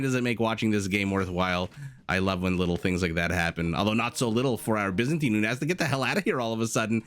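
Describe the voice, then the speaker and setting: A male esports caster talking over a strategy match. His pitch sits in a middle range and leaps up sharply when something surprises him. He drifts into jokey personal asides and then comes back to the play-by-play. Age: adult, married with a young child. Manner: animated, rambling, jokey asides. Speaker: game caster. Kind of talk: esports commentary.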